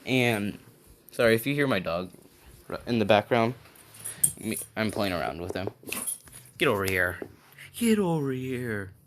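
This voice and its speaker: A man's voice: on the low side, moderate pace, long pauses, a bit bright, slight background noise. A man at home casually retelling a fan story, rambling with fillers and asking "right?" along the way. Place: at home with his dog.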